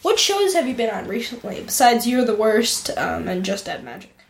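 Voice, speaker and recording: A woman with a high, childlike voice interviewing on a playful podcast, teasing and deadpan. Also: moderate pace, gravelly.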